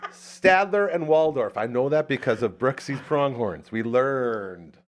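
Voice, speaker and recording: A man from Canada co-hosting a podcast, talking casually and jumping into high exclamations. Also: a little slow, background noise. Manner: animated, jumps into high exclaims. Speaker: podcast co-host. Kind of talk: casual chat.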